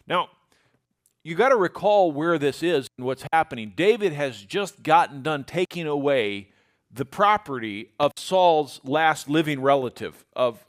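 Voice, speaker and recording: A man giving a conversational Bible lesson. He retells scripture in a folksy, everyday way and reads old-style verses aloud. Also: fairly high pitch. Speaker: Bible teacher.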